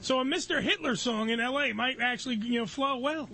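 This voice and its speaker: A man hosting a casual talk show, cracking loud crude jokes and bantering with his guest. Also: very high-pitched, brisk. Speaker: host.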